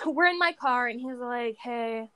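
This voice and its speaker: Woman on a podcast telling a wild date story, swears a lot, kinda high voice, dry close sound. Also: unhurried, dry recording. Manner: animated, swearing, laughs through stories. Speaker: podcast co-host. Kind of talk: casual chat, storytelling.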